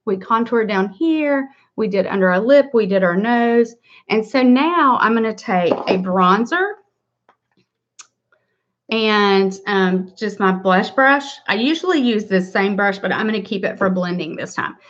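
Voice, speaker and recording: A woman's voice: mid-range voice, lively intonation, measured pace, slight background noise. Middle-aged woman, chatty livestream makeup host, upbeat, slightly dull lo-fi audio. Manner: chatty, greets viewers by name, upbeat. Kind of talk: casual livestream makeup tutorial.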